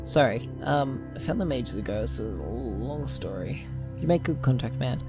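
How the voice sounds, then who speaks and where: A man's voice: medium pitch, expressive, moderate pace, loud music behind the voice. Rambling man thinking aloud over gameplay. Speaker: gameplay video host. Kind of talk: casual gameplay commentary.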